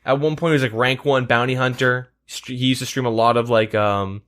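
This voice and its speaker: A man's voice: mid-range voice, fairly even intonation, a little fast, a bit bright. A man hosting a podcast in casual chat, rambling with lots of fillers and casual swearing. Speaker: podcast host.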